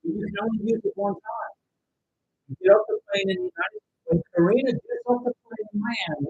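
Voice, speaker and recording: Male livestream host, middle-aged, husky high voice, loud and lively, dry close sound. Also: dull audio. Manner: loud, animated, at times yelling. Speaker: livestream host giving visa advice. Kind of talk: casual livestream chat reading viewer comments. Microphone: home microphone with interference noted by viewers.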